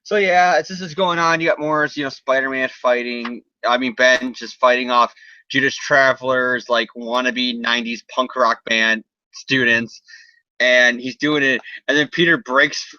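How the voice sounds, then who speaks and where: A man's voice: medium pitch, fairly even intonation, moderate pace, bright, forceful tone, no room sound, highs cut off. A man hosting a casual comedy podcast, recapping a comic in a rambling, sarcastic, profane way.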